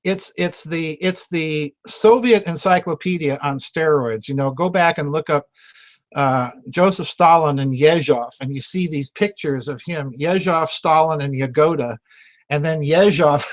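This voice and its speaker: Chatty self-mocking man, slightly high voice. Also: a little slow. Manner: chatty and self-mocking, laughs often, repeats words. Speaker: host of a members video chat. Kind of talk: casual livestream chat.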